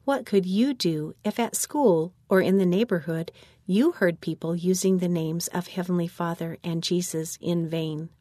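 A woman reading a children's church lesson manual aloud in a measured, instructional way. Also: lowish voice, darkish tone, dry recording, studio quality.

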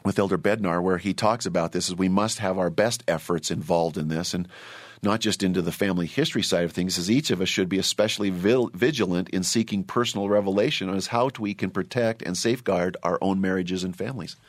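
A middle-aged man hosting a religious panel discussion, speaking earnestly and deliberately, often repeating words as he starts a thought. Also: deep voice, no room sound, studio quality. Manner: earnest, measured, repeats himself. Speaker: host.

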